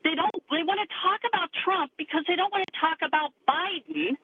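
A woman calling in to a radio talk show, speaking in a halting, conversational way with many fillers. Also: very high-pitched. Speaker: caller. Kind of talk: phone-in caller to talk radio. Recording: tinny phone line, faint hiss.

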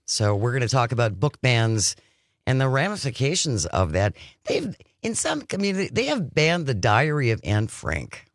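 A woman's voice: extremely low pitch, sing-song, normal speed, no echo. A woman hosting a radio talk show, chatting casually and reading news items aloud in a studio. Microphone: studio microphone.

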